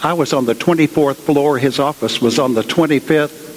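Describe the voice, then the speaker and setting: At normal speed and in a somewhat high voice, a man preaches as a guest in a large cathedral. He recounts a story casually, peppering it with asides, while the hall's reverb lingers.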